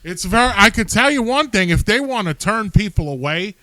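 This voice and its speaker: A man's voice: high voice, lively intonation, a little fast, sharp tone, dry recording, low-quality recording. A man co-hosting a podcast, mostly agreeing with short replies in casual chat. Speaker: podcast co-host.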